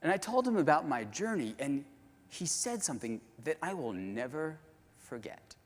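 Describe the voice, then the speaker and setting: Male keynote speaker, lively storytelling delivery, hall reverb. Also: on the high side, normal speed. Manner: animated, addresses the audience directly. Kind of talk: storytelling conference talk. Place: large conference hall.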